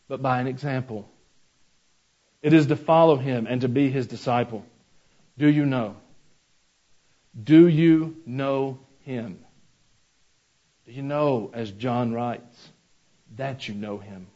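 A man's voice: mid-range voice, darkish tone, highs cut off. A man preaching a sermon as pastor, mixing scripture with folksy personal stories and asides to the congregation.

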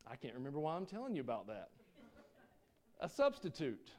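A man preaching a sermon, folksy and joking with the congregation, swinging between loud preaching and quiet asides. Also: on the high side, huge pitch swings, brisk. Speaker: pastor.

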